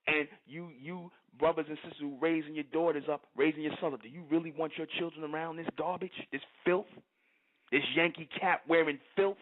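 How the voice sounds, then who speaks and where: A man's voice: fairly high pitch, steady tone, normal speed. A man, preaching fiercely to his listeners and asking "you understand?" again and again. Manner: fiery, repeats "you understand?". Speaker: channel host. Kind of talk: preaching monologue. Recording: tinny phone-like audio.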